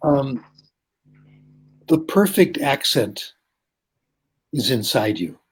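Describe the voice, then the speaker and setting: An older man, a linguistics professor, explains ideas and tells anecdotes in an interview, often checking in with a quick "okay?". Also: mid-range voice, big pitch swings, husky.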